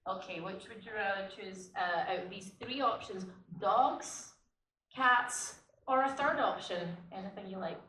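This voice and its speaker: A British woman moderating a convention panel, upbeat and quick to laugh. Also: medium pitch, bright, forceful tone, distant mic, slight background noise. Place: large convention hall. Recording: echoey hall recorded from the audience.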